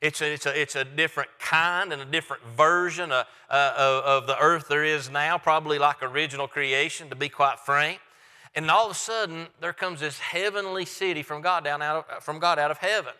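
A man's voice: fairly high pitch, fairly even intonation, brisk, bright, forceful tone, smooth, long reverb tail. A male pastor giving a sermon and reading scripture aloud, talking in a conversational way with frequent restarts. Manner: conversational with many restarts and fillers.

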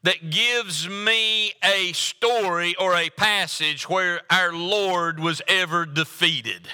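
A man's voice: high-pitched, takes it slowly, pushed and bright, clear, resonant tone. A man preaching a sermon in a church, building fervor through repetition and rhythmic phrasing. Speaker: pastor. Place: church sanctuary. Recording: long hall reverb.

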